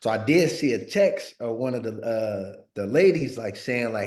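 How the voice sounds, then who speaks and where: A man's voice: mid-range voice, expressive, moderate pace, darkish tone. A man in his thirties from Northern California, a former pro football player telling stories in a sit-down interview, laid-back and full of slang, often saying "like" and repeating words. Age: 30s. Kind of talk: casual storytelling in a sit-down interview.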